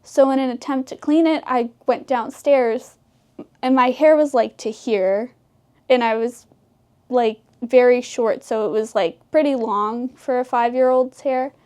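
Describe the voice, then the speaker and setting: A teenage girl in an interview, telling funny stories about her brother, chatty and quick to laugh. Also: fairly high pitch, fairly even intonation, dark tone. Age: teens. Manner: giggly, chatty, quick asides. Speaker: interviewee, high school senior. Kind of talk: casual interview storytelling.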